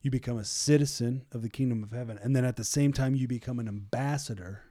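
A man leading a casual Bible study, reading scripture slowly and acting out biblical figures in lively everyday speech. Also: medium pitch, dry recording, clean studio sound. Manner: reads scripture slowly and deliberately.

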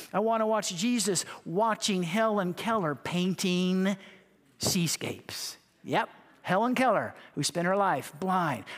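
A man's voice: high voice, fairly bright tone, long reverb tail. A male pastor preaching a fervent sermon, with emphatic repetition and acted-out quotes.

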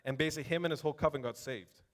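A male preacher with a high voice who preaches in a loose, chatty way, calling out to the congregation. He breaks off to read scripture aloud, building up emphasis as he reads. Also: rapid-fire. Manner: animated, conversational, addresses congregation directly. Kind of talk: sermon.

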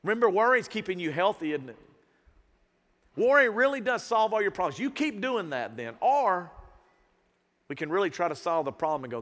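A male pastor preaching a sermon to a live congregation. He swings between hushed and loud moments and calls out to the crowd. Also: sits high, big pitch swings, moderate pace, long pauses, in a large hall. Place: church sanctuary with a live congregation.

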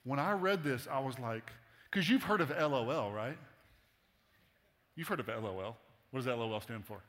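A man's voice: mid-range voice, lively intonation, moderate pace, a bit bright. A man preaching a sermon in a casual, humorous, conversational way to a congregation in a church. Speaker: pastor. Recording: long hall reverb.

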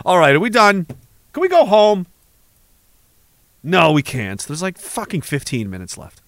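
A man's voice: high-pitched, wildly swooping pitch, a little slow, a bit bright, no room sound. A man hosting a livestream, reading chat messages aloud in a rambling, profane, sarcastic way.

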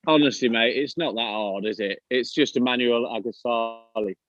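A man's voice: mid-range voice, moderate pace, fairly bright tone, dull audio. A man co-hosting a podcast, blunt and wry with plenty of swearing. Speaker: podcast co-host. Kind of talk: casual chat.

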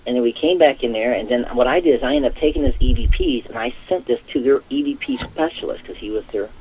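A man on a muffled, lo-fi line tells his story in a loose, rambling way, stacking up restarts and repeating the same words. His voice sits at a middle pitch with a husky edge. He talks casually, like an interview guest. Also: lively intonation, quick pace. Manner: rambling, repeats "actual" often. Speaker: psychic guest.

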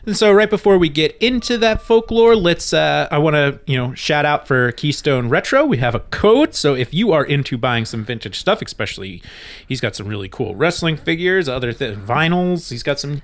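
A man hosting a podcast in casual chat, easygoing and quick to laugh. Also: fairly high pitch, animated. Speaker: podcast host.

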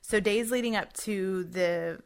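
A woman's voice: mid-range voice, a little slow, gravelly. A woman hosting a podcast, casually retelling a true-crime case at length and acting out what people said. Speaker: podcast host.

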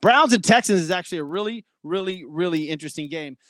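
Guy hosting a sports betting show, kinda high voice, dry close sound, rattles off picks. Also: animated, fast talker, fairly bright tone, no echo. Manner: loose, chatty, apologetic about glitches. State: breathing heavy. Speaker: sports podcast host. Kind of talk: casual sports betting talk.

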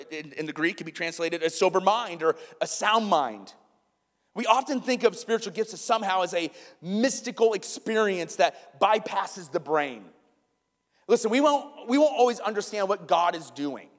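A man, preaching a sermon and telling a family story in an animated way, asking the congregation questions. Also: sits high, in a large hall. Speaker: pastor. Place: church sanctuary.

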